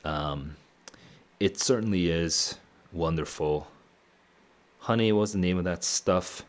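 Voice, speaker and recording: A man streaming a casual read-aloud of a novel, thinking out loud between passages and chuckling often. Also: sits low, slow pace. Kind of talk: casual reading and reacting.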